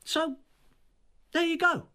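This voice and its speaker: An actor playing a weary, evasive middle-aged husband in a radio drama. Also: male voice, extremely high pitch, fairly even intonation, slow pace, sharp tone, heavily acted. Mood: tense. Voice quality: terse, defensive.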